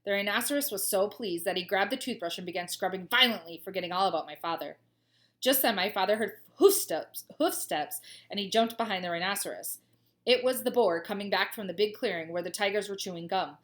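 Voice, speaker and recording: A woman, a teacher, reading a children's storybook aloud with expressive voices and gushing asides. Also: mid-range voice, brisk.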